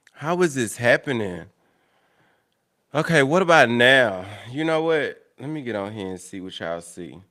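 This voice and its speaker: A man's voice: mid-range voice, big pitch swings, slow pace, pauses often. A young man hosting a livestream, chatting casually with viewers in a blunt, profane, exasperated way. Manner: blunt and profane, loud and exasperated, swearing at tech trouble. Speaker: livestream host.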